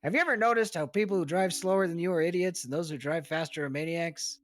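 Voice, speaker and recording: A man's voice: fairly high pitch, fast talker, fairly bright tone, natural voice. A man voicing a male AI chatbot that does edgy stand-up comedy, with punchy joke setups. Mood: joking. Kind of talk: reading chatbot replies aloud.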